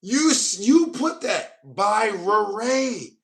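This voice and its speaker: This American host of a casual stream has a high, gravelly voice and speaks slowly but animatedly. He reads viewers' comments aloud, joking with mock offense and addressing people as bro.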